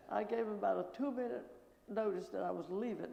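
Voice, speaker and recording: An older woman missionary telling her story in church with lively anecdotes and quoted dialogue, recorded in an echoing church. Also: medium pitch, fairly quick, vocal fry, lo-fi sound. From American Midwest. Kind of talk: testimony talk at church. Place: church sanctuary. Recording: echoey church with long reverb.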